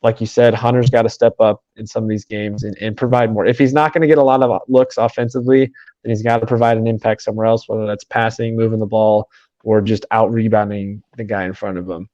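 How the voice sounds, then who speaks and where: A man hosting a sports podcast, talking quickly in run-on sentences with many fillers. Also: lowish voice, fairly even intonation, dark tone, no room sound, muffled recording. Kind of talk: casual sports podcast chat.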